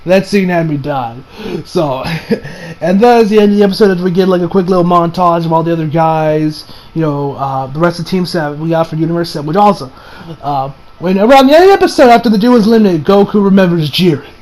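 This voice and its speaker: A man giving a casual, excited review of an anime episode, often laughing and acting out lines from the show. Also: a little high, brisk, low-quality recording. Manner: excited, laughing, acts out quotes in funny voices.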